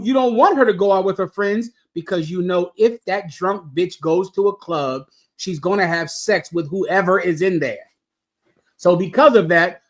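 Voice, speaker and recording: A man's voice: high-pitched, a bit bright. Brief: a man preaching, blunt and crude, scolding his listeners with pointed questions. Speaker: preacher lecturing a class. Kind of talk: preaching commentary.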